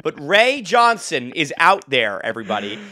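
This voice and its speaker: A man's voice: on the high side, big pitch swings, normal speed, pushed and bright. A man hosting a podcast, telling a story in a rambling, casual way and laughing often. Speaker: podcast host. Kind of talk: casual chat.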